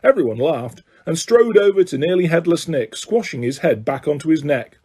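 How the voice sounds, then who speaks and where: A man's voice: a little high, animated, moderate pace, few pauses, warm tone, breathy edge. A man reading a storybook aloud as amateur narration, slipping and correcting himself now and then. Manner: slips and self-corrects, laughs. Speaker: audiobook reader.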